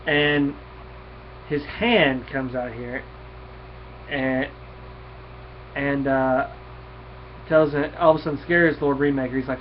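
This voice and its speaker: A man's voice: mid-range voice, steady tone, moderate pace, long pauses. Guy rambling through a comic plot recap, faint hiss, dull audio. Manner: rambling, many fillers and restarts, reads dialogue aloud. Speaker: comic book reviewer. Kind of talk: casual comic review, retelling the plot.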